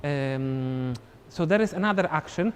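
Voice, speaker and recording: A man's voice: fairly high pitch, lively intonation, unhurried, long reverb tail, slight background noise. A man teaching a live online dance class, counting beats and scatting the steps aloud as he demonstrates. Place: dance studio.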